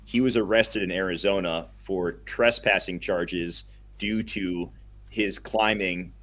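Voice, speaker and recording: A young man co-hosting a casual podcast, chatting enthusiastically and rambling a little, quick to laugh. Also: deep voice, steady tone, a bit bright. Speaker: podcast co-host.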